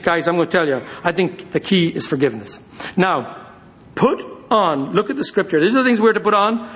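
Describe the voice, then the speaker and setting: A male pastor preaching a sermon to his church, speeding through quick asides and slowing down hard for emphasis. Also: high voice. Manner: lively preaching, shifting between quick asides and slow emphasis.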